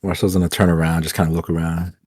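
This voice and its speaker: Low husky guy, kinda hesitant, narrating his guy's moves. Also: flat delivery, quick pace, darkish tone, dry recording. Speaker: player. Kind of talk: tabletop game narration.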